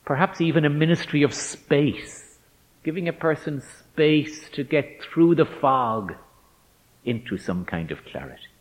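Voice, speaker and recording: A man giving a reflective faith talk to ministers, measured and emphatic, stretching out key words as he tells an anecdote. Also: a little high, lively intonation. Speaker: speaker addressing ministers. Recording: dull lo-fi recording in a reverberant hall.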